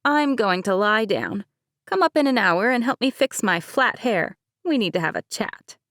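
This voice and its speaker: Woman reader playing a bossy 73-year-old granny, higher and pushy, dry close audiobook read. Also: animated, moderate pace, a bit bright, dry recording, close to an everyday voice. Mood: commanding. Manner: teasing, commanding.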